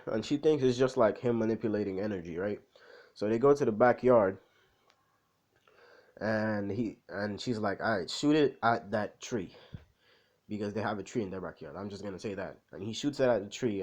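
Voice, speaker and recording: A man's voice: lowish voice, moderate pace, darkish tone. A man casually retelling a fan-made story, rambling with lots of fillers. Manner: rambling, full of "like" and "you know".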